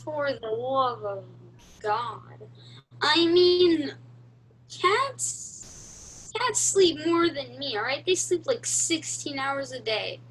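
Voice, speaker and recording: Young girl, high bright voice, slow, defiant mock-grand retorts, faint hum. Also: expressive, low-quality recording. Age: young teen. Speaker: improv camp performer. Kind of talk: improvised comedy scene over video call. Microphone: video call.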